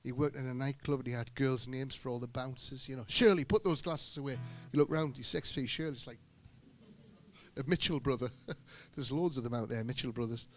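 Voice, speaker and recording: A middle-aged singer-guitarist telling rambling, joking stories between songs at a live gig. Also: male voice, mid-range voice, fairly even intonation, fairly quick. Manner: joking, anecdotal storyteller. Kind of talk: rambling stage banter. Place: live music venue on stage. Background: guitar music.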